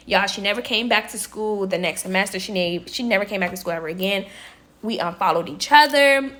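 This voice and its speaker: A woman's voice: medium pitch, fairly quick. A young adult woman vlogging a casual storytime, chatty and dramatic, acting out her own exclaimed reactions and talking straight to her viewers. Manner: animated, dramatic retelling with exclaimed quotes; chatty, addresses viewers as y'all. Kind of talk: casual storytime while working.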